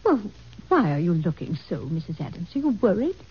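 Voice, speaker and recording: A woman's voice: fairly low pitch, very animated, fairly quick, husky, full character voice. A woman playing a chatty, complaining housekeeper in a vintage radio drama. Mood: fretful. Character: fussy, gossipy housekeeper. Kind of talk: 1940s radio acting. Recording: dull old radio recording.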